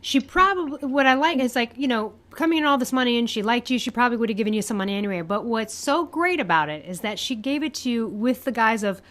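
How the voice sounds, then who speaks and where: Woman podcast host, enthusiastic, kinda high voice, casual chat. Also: quick pace, few pauses, fairly bright tone. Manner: enthusiastic, reflective reactions.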